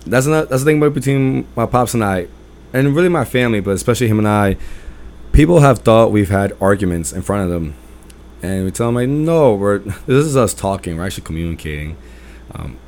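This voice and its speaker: A man hosting a podcast, telling personal stories in a loud, emphatic, rambling way. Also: fairly low pitch, brisk. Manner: rambling with restarts and fillers. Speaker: podcast host. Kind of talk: casual personal storytelling monologue.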